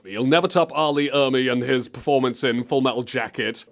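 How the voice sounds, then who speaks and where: A man's voice: medium pitch, quick pace, few pauses. A man hosting a comedy podcast, giddy and laughing often as he mocks game clips. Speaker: show host.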